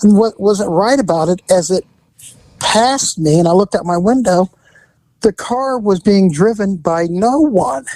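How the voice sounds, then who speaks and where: A man who hosts a podcast and used to be a police officer, telling a story in casual chat, animated and profane, acting out the quotes. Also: high-pitched, unhurried, no room sound, rough recording.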